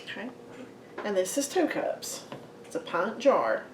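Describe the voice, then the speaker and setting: In her echoey kitchen, a woman hosts a home cooking video, addressing viewers as guys and folks in a chatty way. She speaks unhurriedly in a medium, very animated voice, with background noise and clinking dishes and utensils behind her.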